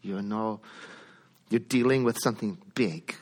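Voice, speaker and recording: A male minister preaching a sermon in an animated storytelling way, often asking his listeners questions. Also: fairly low pitch, a little slow.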